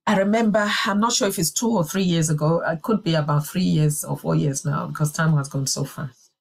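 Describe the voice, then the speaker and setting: A woman's voice: low-pitched, steady tone, fairly quick, creaky. A woman telling a personal testimony in a sermon, in an earnest and emphatic way. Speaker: church speaker.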